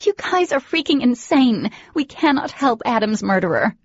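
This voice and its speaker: Brief: woman doing an enraged teen girl, shrill and shouting, husky edge, dull lo-fi sound. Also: very animated, moderate pace, no echo. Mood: furious. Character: furious teenage girl, fierce and vengeful. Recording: dull lo-fi recording.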